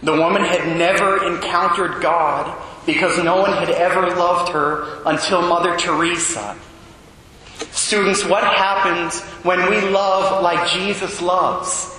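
Priest giving a homily to students, bright voice, super echoey church, faint room hum. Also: male voice, high voice, fairly even intonation. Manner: deliberate, emphatic preaching, addresses students. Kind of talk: homily at Mass. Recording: echoey church, long reverb.

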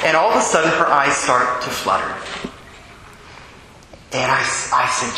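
A man's voice: medium pitch, moderate pace, pauses often, background noise. A man, a Catholic priest, telling a personal story in a homily, acting out his own thoughts and the dialogue. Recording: echoey hall with long reverb.

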